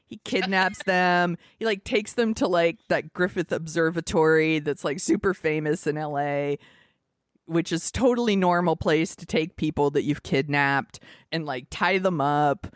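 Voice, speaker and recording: A woman's voice: low-pitched, measured pace, no room sound, clean studio sound. A woman co-hosting a podcast, chatting casually about a movie, rambling and swearing with lots of fillers and laughs. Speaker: podcast co-host.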